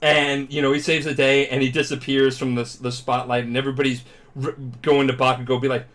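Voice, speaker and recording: Man, drunk, podcast host, profane animated storytelling, mid pitch. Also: brisk. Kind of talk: casual podcast chat.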